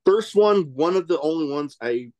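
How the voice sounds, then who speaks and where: A man hosting a casual podcast interview, relaxed and chatty, who reacts to his guest with laughter. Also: on the high side, moderate pace. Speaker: podcast host.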